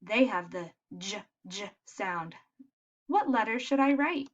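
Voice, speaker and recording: A woman teaching young children letter sounds in a patient, encouraging way, modelling each sound clearly. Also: medium pitch, lively intonation, takes it slowly, muffled recording. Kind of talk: phonics lesson for young children.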